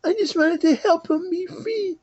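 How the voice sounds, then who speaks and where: Man doing a squeaky naive little girl. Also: moderate pace, a little mellow. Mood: hurt. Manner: high squeaky pleading falsetto. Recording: dull lo-fi dry sound.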